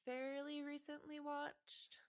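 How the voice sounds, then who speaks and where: A woman co-hosting a casual movie podcast, chatty and quick to laugh, often trailing off with fillers. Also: high-pitched, little pitch movement. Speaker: podcast co-host.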